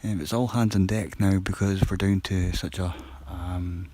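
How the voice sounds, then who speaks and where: A man on a live stream, chatting casually and quietly to viewers during a break from his shift, rambling and poking fun at himself. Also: low voice, steady tone, a little slow, slight background noise, low-quality recording. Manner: rambling, chatty, self-deprecating; talking quietly. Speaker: livestreamer on a work break.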